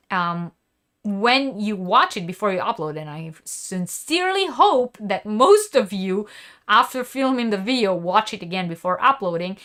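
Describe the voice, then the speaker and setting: A woman's voice: on the low side, a bit bright. A woman hosting a crafting live stream, chatting casually and reading viewer comments aloud. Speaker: crochet channel host.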